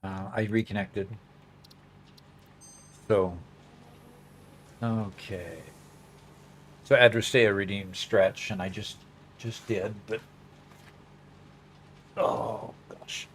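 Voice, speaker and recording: A man's voice: lowish voice, fairly even intonation, drawn-out words, long pauses, slight background noise. Rambling man streaming a game. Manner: rambling, many fillers and restarts. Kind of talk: casual gameplay livestream chat.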